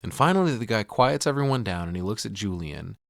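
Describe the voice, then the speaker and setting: A man with a fairly low voice recaps a film on a podcast, swearing freely and voicing each character's lines himself. His voice is recorded dry and close to the mic. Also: lively intonation, fairly quick, creaky, no echo. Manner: profane, retells scenes acting out lines. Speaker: podcast host. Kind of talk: casual film recap with acted quotes.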